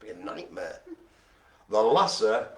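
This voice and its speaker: A man's voice: lowish voice, sing-song, measured pace, a bit bright. A man hosting a live bingo show, joking theatrically and often laughing as he calls the cards. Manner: theatrical jokey showman who laughs often. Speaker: host calling dog bingo. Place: room with colleagues present.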